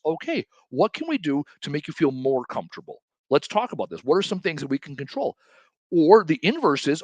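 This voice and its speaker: A man's voice: fairly high pitch, no echo. A man hosting his own show, giving a casual motivational talk and acting out quotes from other people in his own voice. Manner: animated, acts out quotes in different voices. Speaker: host.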